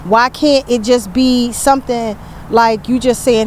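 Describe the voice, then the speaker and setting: Older woman podcast host, high pitched, tells it animated, little bit of hiss behind. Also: a little slow. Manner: animated storytelling, acts out quotes, many restarts. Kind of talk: candid podcast conversation.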